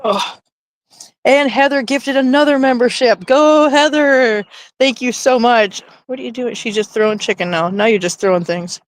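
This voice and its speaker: Middle-aged woman, livestream host, slightly high voice, chatty and giggly, dry close phone sound. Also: normal speed, no echo, poor audio. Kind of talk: casual livestream chat. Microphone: handheld phone.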